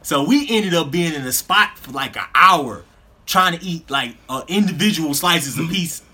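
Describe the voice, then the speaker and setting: Guy with a high bright voice telling a wild story, slangy, laughing as he goes. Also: moderate pace, husky. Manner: animated storyteller, laughs through punchlines, slangy. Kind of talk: casual storytelling chat.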